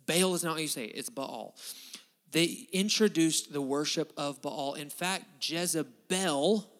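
A man preaching a sermon in a folksy, animated way, tossing in "right?" asides. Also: fairly high pitch. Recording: hall reverb.

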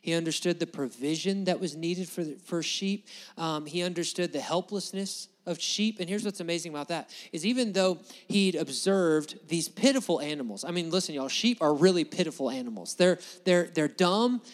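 A man's voice: fairly high pitch, moderate pace, in a large hall. A man preaching a sermon as pastor, emphatic and building his points through repetition. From United States.

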